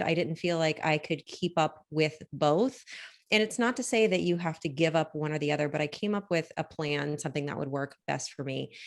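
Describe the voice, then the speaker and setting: A woman with a notably low voice speaks as a podcast guest, earnest and measured. She talks things through steadily, sprinkling in "um" and "you know" as she goes. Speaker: litigation attorney, podcast guest. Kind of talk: casual panel discussion.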